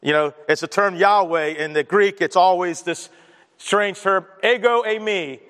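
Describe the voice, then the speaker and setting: Man, pastor, high voice, conversational sermon, long church reverb. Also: a little slow, fairly bright tone. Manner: conversational preacher, asides with chuckles, leads congregation in prayer. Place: church sanctuary.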